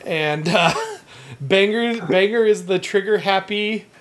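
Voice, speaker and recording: A co-host in a casual comedy brainstorm pitches an idea in halting bursts. They restart often and laugh along at their own pitch.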